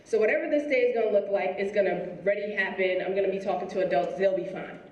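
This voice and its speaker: A woman giving a motivational speech to students, telling a story in a lively way and acting out the people in it. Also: medium pitch, quick pace, highs cut off, a little hiss or hum. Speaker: school principal giving a speech. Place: school auditorium. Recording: echoey hall, from far off.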